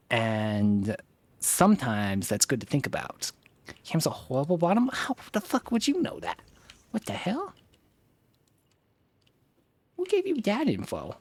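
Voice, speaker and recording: A man's voice: mid-range voice, no echo. Guy streamer pushing his voice up, throat strained, swings around a lot, super dry close mic. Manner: holding a raised, trained-sounding voice, swearing and joking. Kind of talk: casual live-stream gaming chat.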